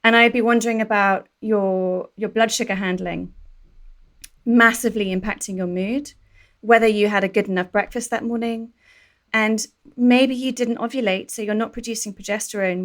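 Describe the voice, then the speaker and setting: A woman, a guest on a podcast, giving thoughtful health advice and asking gentle, curious questions. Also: mid-range voice, steady tone, moderate pace. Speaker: perimenopause doula, guest. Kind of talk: calm advice in an interview.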